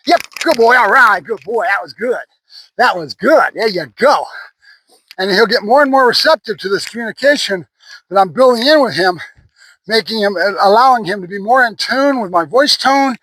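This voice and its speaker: A man's voice: high-pitched, a bit bright, no echo, low-quality recording. A middle-aged man working as a dog trainer, praising his dog between explanations to viewers. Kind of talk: hands-on training demonstration.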